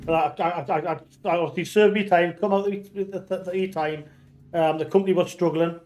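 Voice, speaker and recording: A man's voice: high voice, fairly even intonation, fairly quick, darkish tone, soft background music. A man with a Geordie accent, chatting casually while streaming a game, telling rambling stories full of restarts and swearing. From North East England. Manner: rambling storyteller, many restarts, swears freely. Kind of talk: casual chat while gaming.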